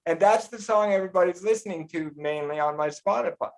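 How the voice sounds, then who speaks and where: A man from Oklahoma with a fairly high voice, chatting on a livestream. He talks in a relaxed, encouraging way. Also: quick pace, vocal fry. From Tulsa, Oklahoma. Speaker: podcast co-host, musician. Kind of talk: casual livestream chat.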